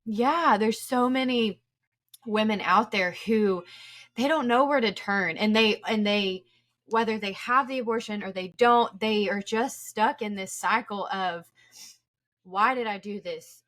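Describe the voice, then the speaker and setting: A woman's voice: medium pitch, measured pace, fairly bright tone, dry recording. Earnest christian podcast lady, encouraging, super dry close sound. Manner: encouraging, earnest, speaks of God's love and forgiveness. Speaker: podcast host. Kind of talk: faith-based podcast conversation.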